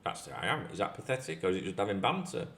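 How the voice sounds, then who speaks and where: A man's voice: deep voice, sing-song, racing, a bit bright. A man hosting a football channel, talking in a casual rant with frequent restarts and swearing.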